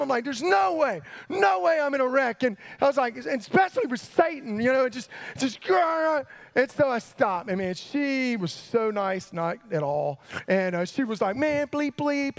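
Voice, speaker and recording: A man telling a sermon story to students, animated, jumping between hushed asides and excited yelps. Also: extremely high pitch, creaky. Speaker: youth pastor. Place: church hall.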